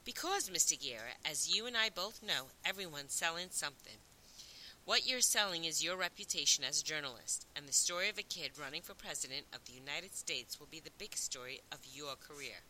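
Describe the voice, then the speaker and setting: A smooth-talking twelve-year-old boy, as a woman reads him, polite, earnest and persuasive. The voice is bright and lively, rising and falling as he makes his case. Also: sits low, brisk, slight background noise, full character voice, rough recording. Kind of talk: audiobook reading.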